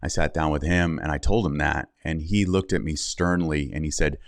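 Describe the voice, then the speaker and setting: A man's voice: very deep voice, moderate pace, vocal fry, hardly any pauses, dry recording. A middle-aged man, a podcast guest, telling a personal story candidly and acting out the things people said. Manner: candid, animated storyteller who acts out quotes. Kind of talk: interview storytelling.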